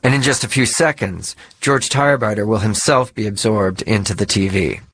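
Measured male documentary narrator. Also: fairly low pitch, slightly rough, no room sound. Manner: measured, even delivery. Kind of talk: scripted narration.

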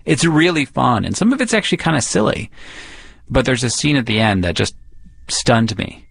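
Gravelly male interviewer. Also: medium pitch, lively intonation, moderate pace, a bit bright. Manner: curious, prompting. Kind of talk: interview questions. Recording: music playing underneath.

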